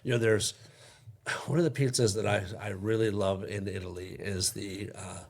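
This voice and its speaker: A man's voice: fairly low pitch, fairly even intonation, moderate pace, gravelly, a little mellow. A man who is a chef and restaurant owner, talking as a guest in a casual conversation and explaining dishes with enthusiasm.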